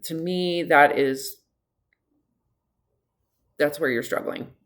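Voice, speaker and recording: Low-voiced woman coach, middle-aged, direct and lively, talking a client through personal issues. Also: takes it slowly. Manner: direct, frank, animated, laughs easily. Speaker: health coach. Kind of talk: one-on-one consultation.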